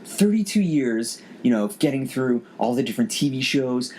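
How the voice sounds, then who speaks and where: A man's voice: medium pitch, fairly even intonation, a little fast, darkish tone. A man in his forties hosting a casual podcast, rambling with many restarts as he thinks aloud. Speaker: podcast host. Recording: faint background noise.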